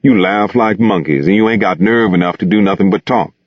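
A man's voice: lowish voice, a little fast, dry recording, natural voice. A man reading the lines of a blunt, slangy young man who taunts and pushes his friends. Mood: scornful. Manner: blunt, slangy, clipped dialect. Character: young man, streetwise, restless and scornful. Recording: dull lo-fi dry recording.

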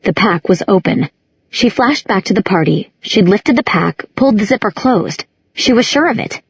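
A woman's voice: medium pitch, lively intonation, moderate pace, husky, no room sound, muffled recording. A woman narrating an audiobook, reading every character herself with small changes of voice. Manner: reads all characters with small voice shifts. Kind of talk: scripted narration.

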